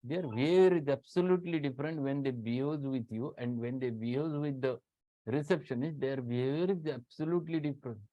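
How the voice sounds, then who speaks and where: Emphatic Indian English professor. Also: male voice, fairly high pitch, dark tone, no room sound. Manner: emphatic, repeats words for stress. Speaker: homoeopathy professor. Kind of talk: online lecture. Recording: dull lo-fi dry sound.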